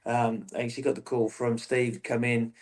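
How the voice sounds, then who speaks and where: A man being interviewed about his playing days. He talks in a rambling way, restarting phrases as he goes, in an easy, conversational voice at an ordinary pitch. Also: little pitch movement, normal speed. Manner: rambling, self-interrupting storyteller. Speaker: guest, former footballer. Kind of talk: casual interview chat.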